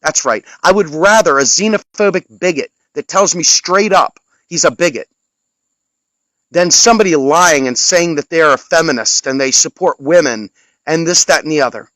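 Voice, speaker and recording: A man tears into his audience in an impassioned political rant, his tone angry and openly sarcastic. His voice sits a little high for a man. The sound is dry and close, with no room around it. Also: normal speed, fairly bright tone, no room sound, low-quality recording. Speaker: political commentator.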